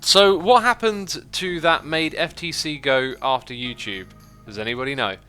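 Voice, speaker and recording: Bright-voiced man chatting on a livestream. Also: fairly high pitch, normal speed, clear, resonant tone, faint music behind. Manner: thinks aloud with many fillers and restarts. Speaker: livestreamer reading chat. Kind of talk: casual livestream chat while gaming.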